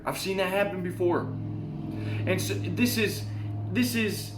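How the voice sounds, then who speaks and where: Animated young man telling a story. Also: high-pitched, slow, long pauses, a little hiss or hum. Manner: animated, acts out voices and laughs, swears casually. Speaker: self-help talker. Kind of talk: casual storytelling monologue. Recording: echoey room.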